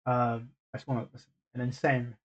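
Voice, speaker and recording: A man's voice: mid-range voice, completely flat delivery, normal speed, highs cut off. A man hosting a reaction video, talking casually and hesitantly with lots of fillers and restarts.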